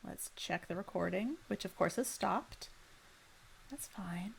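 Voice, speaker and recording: A woman's voice: on the low side, unhurried, vocal fry, a little hiss or hum. A woman narrating as game master in a casual, rambling way. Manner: casual, rambling with restarts and fillers.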